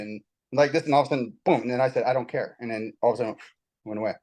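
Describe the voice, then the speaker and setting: A man in casual spiritual conversation, telling his story in a rambling, animated way with many restarts. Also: medium pitch, very fast, low-quality recording. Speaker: guest.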